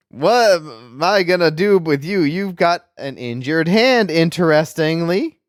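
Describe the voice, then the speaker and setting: A man's voice: fairly high pitch, no room sound, studio quality. A man streaming a video game, casually joking and reacting aloud. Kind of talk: game let's play commentary.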